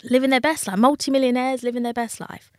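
A woman's voice: sits high, steady tone, quick pace, no room sound, studio quality. A woman, a dating coach talking frankly and with feeling as a guest in an interview. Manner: frank, emotional, acts out quoted voices. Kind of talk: candid interview talk.

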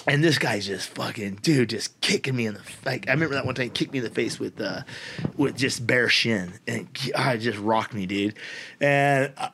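A man's voice: mid-range voice, normal speed, vocal fry, slight background noise. A man in his forties telling a story as a podcast guest, swearing freely and laughing often. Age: 40s. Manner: profane, animated, laughs often. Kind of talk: casual storytelling.

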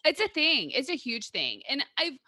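A woman's voice: high-pitched, huge pitch swings, normal speed, sharp tone, no room sound, studio quality. A woman therapist co-hosting a podcast, explaining ideas in a coaching, explanatory way. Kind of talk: casual conversation.

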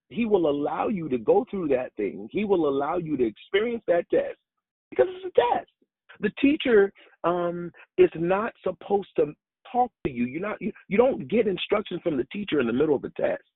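Recorded on a phone with no echo, a preacher shares a personal story during his sermon, his voice creaky with a breathy edge. He's animated, and his pitch jumps up whenever he wants to stress something.

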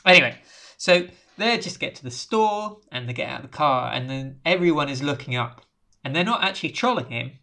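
On a casual podcast, a co-host recaps a film, rambling through the plot and acting out quotes. His voice is fairly high, gravelly and bright, delivered in an animated, brisk and forceful way.

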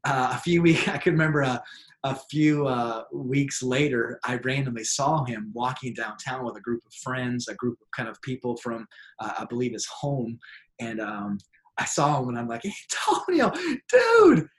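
Animated pastor telling a story. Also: male voice, medium pitch, normal speed. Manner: animated storyteller, acts out excited voices. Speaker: pastor and author. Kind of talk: interview storytelling.

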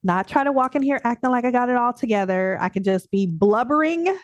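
Woman, podcast guest, high-pitched, animated, laughs a lot, dry close sound. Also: fairly quick, no room sound. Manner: animated, laughing often, acting out her own thoughts in a high voice. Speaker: coaching client and coach. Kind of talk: casual podcast interview.

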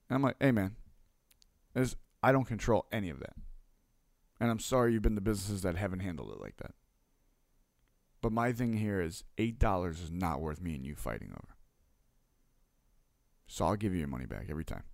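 Gravelly, candid food truck owner. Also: male voice, lowish voice, lively intonation, a little fast, pauses often, a little mellow, dry recording, clean studio sound. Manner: candid, profane, acts out both sides of a story. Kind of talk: casual storytelling.

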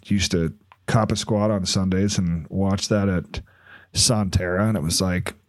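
A man's voice: deep voice, steady tone, unhurried, dry recording. A man chatting casually as a podcast co-host, laid-back and often trailing off and restarting. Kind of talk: casual chat.

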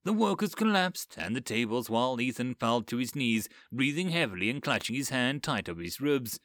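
A man narrating a dark fantasy story with an expressive, dramatic delivery. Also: mid-range voice, fairly quick, no echo, studio quality.

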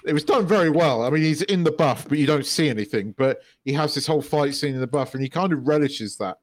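This is a podcast co-host in casual chat, rambling with plenty of restarts and swearing. He talks quickly in a somewhat high voice, and the recording has no room sound.

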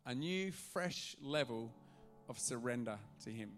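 A male pastor preaching a sermon to a church congregation, animated and acting out the voices in his stories. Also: mid-range voice, measured pace, faint music behind. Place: church auditorium.

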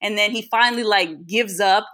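A woman with a bright, forward voice sits at the mic as a podcast co-host. She tells her story in loose, casual chat, swearing freely and speaking without a filter. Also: mid-range voice, moderate pace. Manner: candid, profane storytelling.

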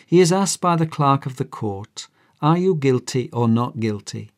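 A man's voice: medium pitch, animated, moderate pace. A man preaching a sermon, earnest and emphatic, telling a courtroom story to his listener. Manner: earnest, emphatic, acts out characters' voices.

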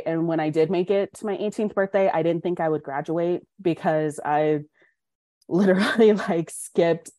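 Youngish woman, lowish voice, candid and animated, dry close sound. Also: a little slow, no echo. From Colorado. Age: young adult. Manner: frank, animated, acts out quoted dialogue. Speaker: podcast guest, student. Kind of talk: candid interview storytelling.

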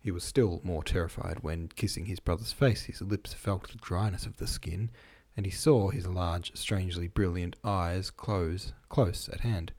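A man giving a relaxed, informal reading of a classic novel, stumbling on long words and rereading them. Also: deep voice, measured pace, hardly any pauses, breathy edge. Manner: chatty asides between passages. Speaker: reader.

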